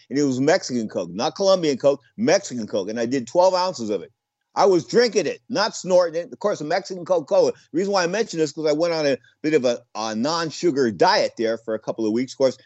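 A man's voice: on the high side, expressive, fast talker, darkish tone, no room sound. An older man, a former boxer, talking in a rambling, digressive monologue that keeps circling back on itself. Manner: rambling, digressive, repeats himself. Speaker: boxing commentator and former fighter. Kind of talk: casual monologue. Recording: dull lo-fi audio.

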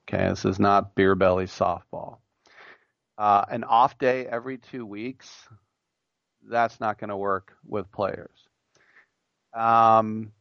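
Low-voiced male sports radio host. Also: smooth, no echo, highs cut off. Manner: reads a listener's proposal aloud then riffs on it with blunt opinions; jokey, mimics imagined voices. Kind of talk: sports talk radio monologue.

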